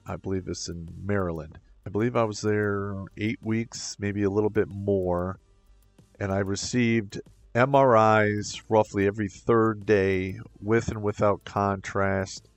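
A middle-aged man from Michigan, an army veteran, speaks in a low, dry, close voice. His delivery is deliberate and halting, with occasional stammers and trailing thoughts. Soft music plays faintly behind him. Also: dry recording. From Michigan, USA. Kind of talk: personal account to camera.

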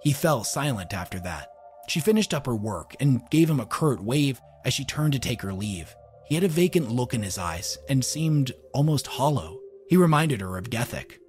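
Male dark-fiction narrator, measured and dramatic, mid-pitched, faint music under. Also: big pitch swings.

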